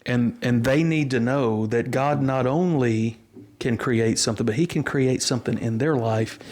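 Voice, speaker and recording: A middle-aged pastor with a drawl tells his story slowly and earnestly, picking up again after small restarts. His voice sits at an ordinary pitch for a man and sounds plain and natural. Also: darkish tone. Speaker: pastor and interview guest. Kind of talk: storytelling in a casual interview.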